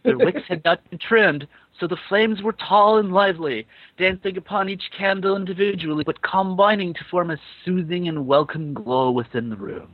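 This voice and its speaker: A man's voice: high voice, normal speed, few pauses, no room sound, highs cut off. A man reading fan fiction aloud for comedy, breaking off now and then to laugh and comment.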